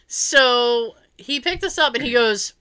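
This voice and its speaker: A woman spins a story on a casual chat podcast, bright-toned and pitched a touch high. She talks in an animated, loose way, swearing freely and laughing often. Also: slow pace, smooth.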